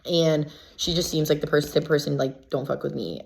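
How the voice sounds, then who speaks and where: Woman, low-pitched, reality contestant spilling gossip in a casual recap, filler-heavy and animated. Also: fairly quick, gravelly. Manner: chatty, filler-heavy with constant "like"; gossipy and animated when quoting others.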